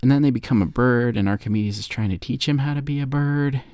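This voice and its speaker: A man's voice: medium pitch, fast, clear, resonant tone, no room sound, clean studio sound. A young man co-hosting a podcast, retelling a movie in a slangy, jokey way. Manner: slangy, jokey, animated storytelling. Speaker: podcast co-host.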